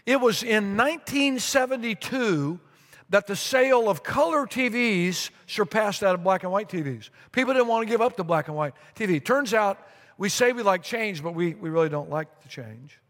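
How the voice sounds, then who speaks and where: A middle-aged man preaching a sermon as pastor, telling a long story with repeated phrases and lively asides. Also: high voice, moderate pace. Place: church sanctuary. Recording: long reverb of a large sanctuary.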